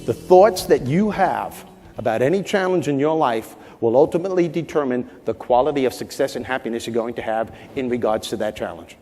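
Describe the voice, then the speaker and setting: A man's voice: mid-range voice, lively intonation, brisk, mellow, soft background music. A man on stage delivering a comedic motivational keynote to an audience in a large hall, punchy and emphatic. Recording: reverberant hall.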